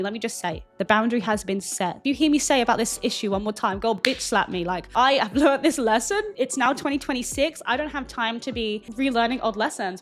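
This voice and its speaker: Chatty young woman, slightly high voice. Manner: chatty and candid, calls listeners "honey", laughs often. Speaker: lifestyle video host. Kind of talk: casual advice chat to camera.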